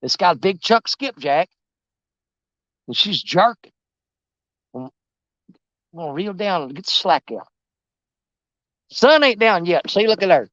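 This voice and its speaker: A man rambles and jokes as he fishes from an outdoor riverbank, his pitch leaping up and down in lively swings. The sound is dry, with almost no room around it, and slightly dull and lo-fi. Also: unhurried, long pauses, no room sound. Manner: folksy, joking, rambling. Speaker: fishing vlogger. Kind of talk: casual outdoor fishing commentary.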